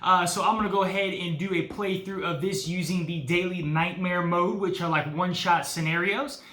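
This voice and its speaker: Chatty bright-voiced male board gamer. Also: high voice, fairly even intonation, moderate pace, roomy sound. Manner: chatty, says guys and uh often. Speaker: board game channel host. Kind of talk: casual solo playthrough talk.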